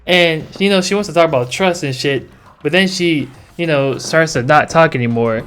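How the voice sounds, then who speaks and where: A man's voice: on the high side, moderate pace, fairly bright tone, clean tone, soft background music. A man giving casual gaming reaction commentary, ranting in a laid-back, slangy way and swearing freely. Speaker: gaming channel host.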